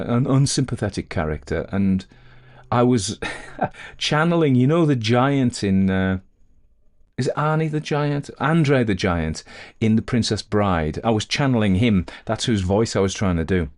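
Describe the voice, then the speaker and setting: A man's voice: low voice, a little mellow. A man talking casually about a story he read aloud, thinking aloud with frequent fillers and restarts. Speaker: audiobook reader discussing the story. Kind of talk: casual spoken commentary.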